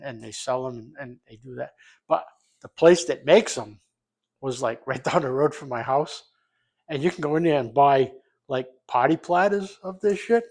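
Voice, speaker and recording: A middle-aged man from Rhode Island, rambling loosely and swearing as he makes a recipe in his home kitchen. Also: medium pitch. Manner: rambling, profane, loose and jokey. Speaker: home cook vlogger. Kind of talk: casual cooking vlog.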